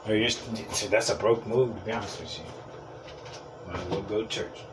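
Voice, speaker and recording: A man's voice: on the low side, fairly quick. Blunt, profane man ranting off-mic. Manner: blunt, profane, rambling storytelling. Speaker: podcast host. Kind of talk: casual solo podcast rant. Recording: distant mic with clear background noise.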